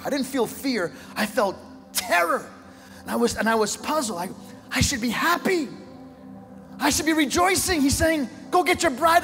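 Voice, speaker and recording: A man in his sixties delivers a sermon as a dramatic story. His very high voice carries through a church with long reverb. Soft music plays underneath. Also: gravelly. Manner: dramatic storytelling, swings from hushed to shouting. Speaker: pastor. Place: church sanctuary.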